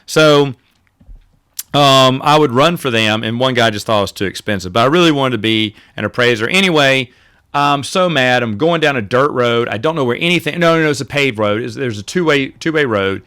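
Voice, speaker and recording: A man's voice: medium pitch, expressive, a little fast, fairly bright tone, smooth. A man hosting a podcast, telling rambling, self-correcting stories in a casual monologue. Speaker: podcast host.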